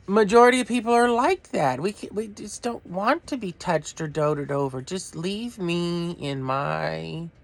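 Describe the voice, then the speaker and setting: Speaking at medium pitch with noticeable vocal fry, a middle-aged man delivers a rambling, foul-mouthed rant to his camera. The vlogger is blunt and keeps losing the thread of his topic.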